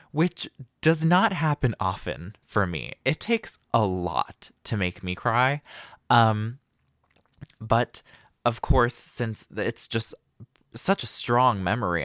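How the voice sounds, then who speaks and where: A man's voice: on the low side, a bit bright, no room sound, clean studio sound. A young man hosting a casual solo podcast, rambling and self-deprecating with lots of fillers. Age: young adult. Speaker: podcast host.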